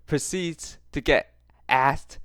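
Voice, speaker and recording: A man's voice: a little high, slow pace, a bit bright, dry recording. A man hosting a reaction commentary, mocking what he watches, laughing often and repeating phrases for effect. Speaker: commentary host.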